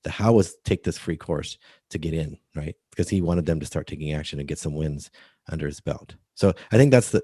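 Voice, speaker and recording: Man, podcast guest, low husky voice, dry close sound. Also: warm tone, dry recording. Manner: earnest, explanatory, acts out quoted readers. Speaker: guest, book coach. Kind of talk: podcast interview.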